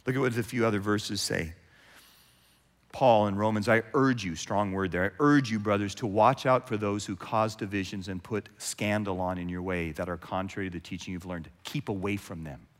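Animated preacher in a reverberant hall. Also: male voice, on the low side, normal speed. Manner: animated, acts out quoted voices, swings from loud to hushed. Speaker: pastor. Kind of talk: sermon.

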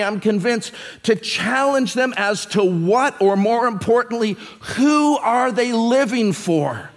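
A male pastor, preaching a sermon with emphatic, slow phrasing. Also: sits high, big-room sound.

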